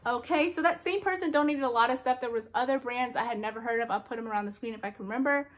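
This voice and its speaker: A young adult woman chatting excitedly in a casual haul vlog, gushing over her finds. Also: fairly high pitch, fast. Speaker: reseller vlogger.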